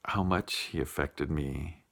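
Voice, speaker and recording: A man telling a heartfelt personal story in a vlog, unhurried, with many pauses and fillers. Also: very deep voice, fairly even intonation, creaky. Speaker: vlogger.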